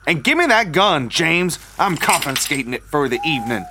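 An actor playing a stern, officious small-town deputy who insists on doing things by the book. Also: male voice, a little high, big pitch swings, normal speed, background noise.

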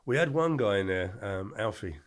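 An older man, guesting on a podcast, tells casual stories at normal speed in a fairly low voice with lively intonation. He rambles, speaks bluntly and often corrects himself mid-stream.

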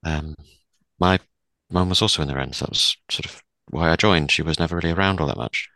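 A man's voice: rumbling low, fairly quick, pushed and bright, no echo, full character voice, rough recording. A man playing a polite, prim woman investigator in a tabletop role-play game. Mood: wistful.

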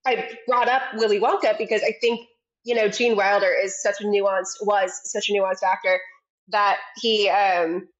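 Woman, mid pitch, muffled lo-fi mic; musing co-host, halting delivery. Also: steady tone. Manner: musing, searches for words with many fillers. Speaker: podcast co-host. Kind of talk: casual podcast chat. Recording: dull lo-fi mic.

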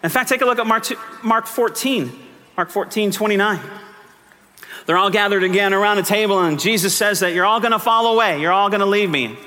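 Guy pastor preaching, high voice, goes quiet then fired up, echoey church hall. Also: a little fast. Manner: builds from quiet teaching to fervent, near-shouted appeals. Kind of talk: sermon.

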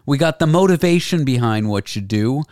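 Fast-talking sarcastic Canadian man. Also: mid-range voice, lively intonation, a little mellow, no echo, studio quality. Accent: Canadian, softened by years in New York. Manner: fast, sarcastic, swears freely. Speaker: podcast host. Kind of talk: casual interview chat.

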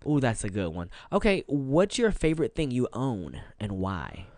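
A man's voice: mid-range voice, sing-song, moderate pace, a little mellow, no room sound, studio quality. A man hosting a casual podcast interview, playful and chatty, talking to his listeners. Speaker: podcast host.

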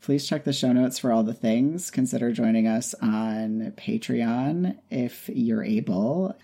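A man co-hosting a podcast in casual chat, relaxed and laughing often as he talks. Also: mid-range voice, measured pace, creaky. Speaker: podcast co-host.

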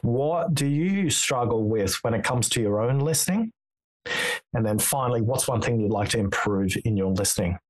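A man's voice: mid-range voice, darkish tone, rough recording. A man as a podcast guest, explaining his research and telling stories with quoted dialogue. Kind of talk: conversational podcast interview.

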